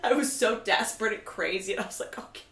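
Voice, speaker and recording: A woman co-hosting a live comedy show, telling animated stories in casual chat, her voice jumping high when she gets excited. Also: fast. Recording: echoey room, mic at a distance.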